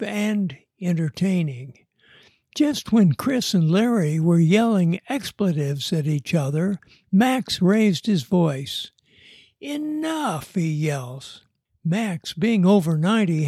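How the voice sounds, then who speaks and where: A man reading a story aloud in an unhurried, measured way. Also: high voice, darkish tone, husky, dry recording, clean studio sound. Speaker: narrator.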